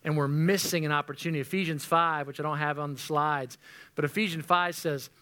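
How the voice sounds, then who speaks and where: A man in his forties preaching earnestly and conversationally to junior high students as their youth pastor. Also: steady tone, fairly quick, bright, forceful tone, clear, resonant tone. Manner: earnest, conversational, addresses the group as guys.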